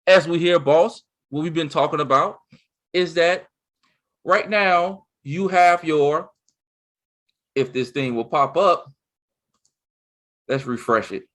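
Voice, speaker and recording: A man co-hosting a casual chat, talking excitedly and rambling, with many restarts. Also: on the high side, takes it slowly, pauses often. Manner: excited, rambling, with lots of restarts and "you see what I'm saying". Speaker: co-host.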